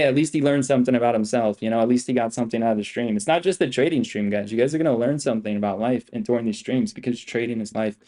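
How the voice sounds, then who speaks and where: A man's voice: mid-range voice, a little mellow. Boastful, foul-mouthed man trading live. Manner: boastful, profane, repetitive swagger. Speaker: day trader streamer. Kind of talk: live-stream trading commentary.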